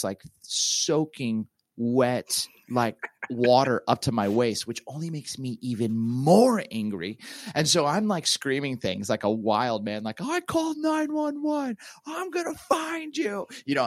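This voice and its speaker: A middle-aged man, a pastor and author, telling a story in a casual interview, talking in an animated, halting way with many fillers and restarts. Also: medium pitch, dry recording, studio quality.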